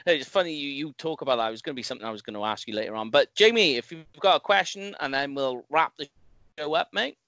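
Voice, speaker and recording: A man's voice: mid-range voice, animated, fast, bright, forceful tone, dry recording. Easygoing British man hosting a podcast. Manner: easygoing, hands questions to guests with "mate". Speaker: podcast host. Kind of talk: casual podcast chat.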